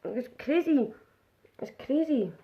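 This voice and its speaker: A woman's voice: high voice, lively intonation, slow, lo-fi sound. A woman chatting casually through a live makeup demonstration, narrating each step aloud.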